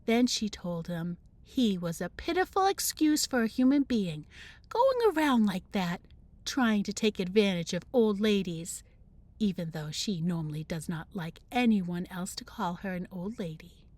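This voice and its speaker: A woman, a teacher, reading the first chapter of a children's novel aloud in an expressive storybook manner. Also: medium pitch, measured pace, no echo.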